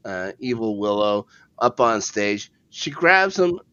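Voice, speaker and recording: A man's voice: fairly low pitch, sing-song, slow pace, pushed and bright, smooth, highs cut off. A man co-hosting a podcast, casually recapping a TV episode in a laid-back, rambling way with a chuckle now and then. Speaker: podcast co-host.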